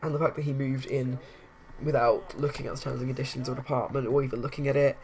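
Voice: medium pitch, level tone, fast talker, darkish tone. Chatty game commentator rambling along, lots of ums and likes, keeps hiccuping, home mic. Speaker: let's-play commentator. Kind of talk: casual gameplay commentary.

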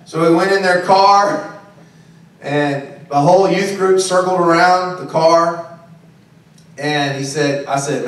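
A pastor preaches a conversational sermon, often checking in with his listeners by asking "okay?" and "right?" His voice sits on the high side and is a bit bright, and he talks slowly with long pauses. The recording is very echoey, captured from a distance in the room.

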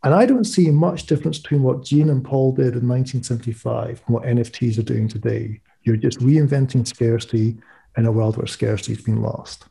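Gravelly dark-voiced Scottish man. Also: medium pitch, brisk. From Scotland. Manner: lively, witty storyteller. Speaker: guest, music economist and author. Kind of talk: casual podcast interview.

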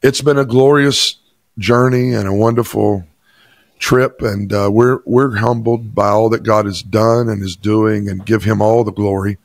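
Gravelly low-voiced pastor telling a story. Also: male voice, fairly even intonation, a little slow, no room sound. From Chattanooga, Tennessee. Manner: emphatic storytelling testimony. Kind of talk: interview storytelling.

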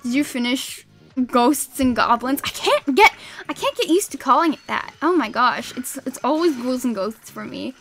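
A young woman chatting casually while streaming a game, excitable and quick to laugh, with sudden shrieks at the game. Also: sits high, faint music behind. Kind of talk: casual gaming stream chat.

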